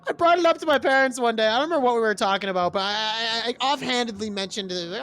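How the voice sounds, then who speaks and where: Animated high-voiced young man telling stories. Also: very fast, faint music behind. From Massachusetts. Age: 20s. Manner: animated storyteller, swears freely, laughs often. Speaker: stream co-host. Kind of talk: casual chat.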